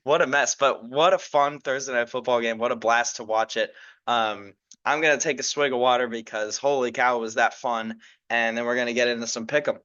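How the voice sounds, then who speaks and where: Young male podcast host, bright tone, loose rambling delivery full of ums, slightly lo-fi. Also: mid-range voice, steady tone, brisk. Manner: casual, rambling, many fillers and restarts. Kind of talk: solo sports podcast chat.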